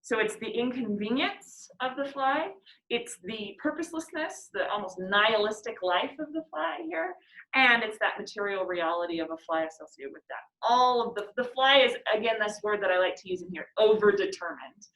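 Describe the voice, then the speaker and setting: A woman's voice: medium pitch, animated, normal speed, fairly bright tone, echoey room, poor audio. A woman teacher leading a class discussion of a poem, chatty and laughing easily, reading lines aloud.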